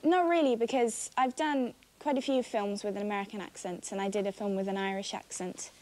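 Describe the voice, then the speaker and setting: A woman, an actress guest, answering questions in a friendly, relaxed way with occasional giggles. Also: mid-range voice, fairly quick. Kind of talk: casual interview answers.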